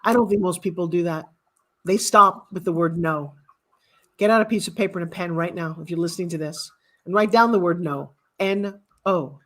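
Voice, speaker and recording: A woman's voice: on the low side, moderate pace, fairly bright tone. A woman in her sixties telling motivational stories with emphatic, repetitive phrasing. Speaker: guest author. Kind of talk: motivational storytelling.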